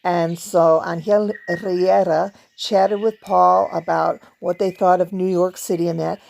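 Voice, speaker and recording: A woman hosting a casual vlog, chatting warmly about pictures and reading from a book, laughing now and then. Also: fairly low pitch, fairly even intonation, measured pace, gravelly, slight background noise. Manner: chatty, laughs often, hums song snippets. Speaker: video host; performer.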